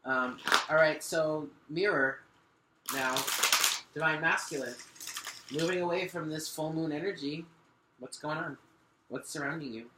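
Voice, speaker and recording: A man's voice: a little high, unhurried, long pauses, noisy background. A man giving a spoken tarot reading, talking earnestly and directly to the listener while shuffling and laying out cards. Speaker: tarot reader. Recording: echoey room.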